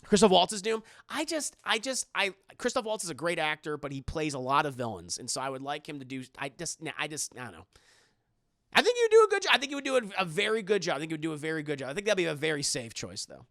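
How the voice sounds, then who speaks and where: A young man streaming live, talking casually in a slightly high voice with a gravelly, creaky texture. His tone is bright and forward, and the sound is close and dry with no room echo. He rambles, answering chat and restarting his sentences. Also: sing-song, fast talker, hardly any pauses.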